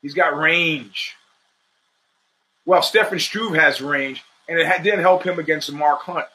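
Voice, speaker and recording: A man's fairly high voice sounds pushed and bright as he talks at a moderate speed over poor audio. He hosts his own podcast and delivers a casual sports monologue predicting fights. The talk is rambling, opinionated and profane, with street slang and sentences that restart midway.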